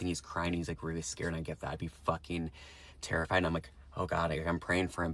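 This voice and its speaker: Very deep, gravelly, fast-talking man ranting. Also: monotone, a bit bright. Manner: profane, exasperated, repeats punchlines. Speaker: comedian in a shared video. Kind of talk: stand-up style rant to camera.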